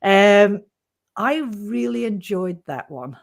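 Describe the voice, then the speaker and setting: A woman's voice: mid-range voice, expressive, slow, creaky. A woman hosting a paranormal channel's livestream, chatting casually, often laughing and telling stories with animation.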